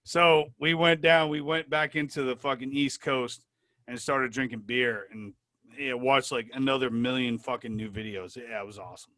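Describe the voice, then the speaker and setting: A man as an interview guest, telling animated, profane anecdotes in casual talk. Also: mid-range voice, normal speed, no room sound. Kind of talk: casual storytelling.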